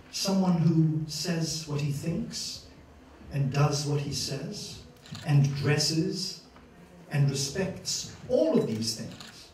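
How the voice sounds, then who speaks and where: A man lecturing to a class with a high, swooping voice that leaps around as he acts out his stories. He is heard from across a very echoey university room with faint ambience behind. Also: slight background noise. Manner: animated storyteller, acts out scenes, laughs often. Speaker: lecturer giving a master class. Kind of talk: lively master-class lecture. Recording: echoey hall, distant mic.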